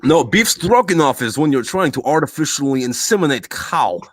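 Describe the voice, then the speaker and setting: A man voicing a blunt male tinkerer in a mock Russian accent, speaking clipped broken English in a deadpan way. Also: a little high, normal speed, dry recording. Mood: deadpan instructive.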